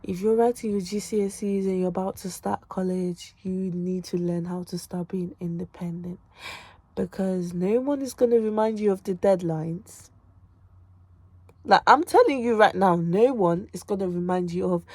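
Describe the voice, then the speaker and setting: A woman's voice: mid-range voice, normal speed, a little mellow, no room sound. A young woman, chatting casually to camera from her bedroom, emphatic and repetitive, tired from revision. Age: late teens. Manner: emphatic and repetitive, calls viewers babes and girl. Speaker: student vlogger. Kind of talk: casual direct-to-camera chat.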